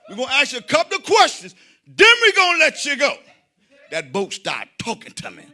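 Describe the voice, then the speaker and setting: A man doing a stand-up comedy routine, telling stories to a live audience, acting out the people he quotes and shouting his punchlines. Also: extremely high pitch, fairly quick. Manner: animated storytelling, acts out quoted voices, shouts punchlines; addresses the audience directly.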